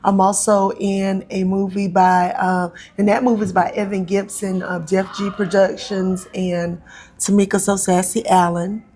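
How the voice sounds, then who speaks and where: Woman, interview guest, chatty, lots of ums, middle pitch. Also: little pitch movement, a little mellow. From North Carolina, USA. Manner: chatty, frequent ums and pauses. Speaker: actress and comedian guest. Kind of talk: casual interview chat.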